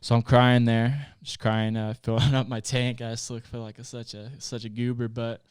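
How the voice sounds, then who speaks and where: A man's voice: medium pitch, flat delivery, normal speed, smooth. A man in his late twenties from Utah, a podcast guest telling a personal story in casual conversation, candid and plainspoken, with frequent swearing. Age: late 20s.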